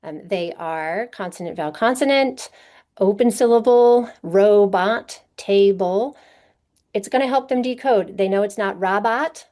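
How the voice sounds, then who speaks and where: Warm in tone, a little high, and at a normal speed, a woman's voice guides teachers through a literacy workshop during a conference session. She explains patiently and checks in often by asking rhetorical questions.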